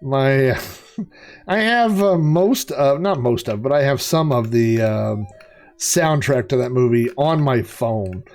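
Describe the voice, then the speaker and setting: A man's voice: medium pitch, lively intonation, slow, darkish tone. A man giving casual gameplay commentary, rambling and chatty, with many fillers and laughs at his own jokes. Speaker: let's play host.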